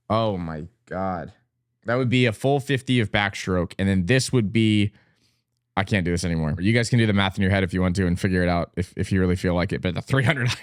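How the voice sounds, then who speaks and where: A man's voice: fairly low pitch, smooth, dry recording, clean studio sound. A young man from Texas, an ex-swimmer, casually reacting and teasing as he reads out numbers, with frequent exclamations and laughter. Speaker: vlogger and former competitive swimmer. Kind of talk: casual commentary, reacting on screen.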